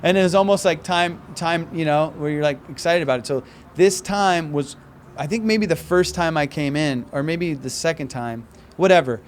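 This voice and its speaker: A man's voice: fairly high pitch, normal speed, a little hiss or hum. A male stand-up comedian telling a rambling, profane story in casual chat on an outdoor balcony. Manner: rambling, profane, acts out quoted voices.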